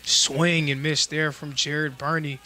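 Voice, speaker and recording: Bright-voiced male baseball announcer. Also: on the high side, flat delivery. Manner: measured, informative play-by-play delivery. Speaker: play-by-play announcer. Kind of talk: live baseball commentary.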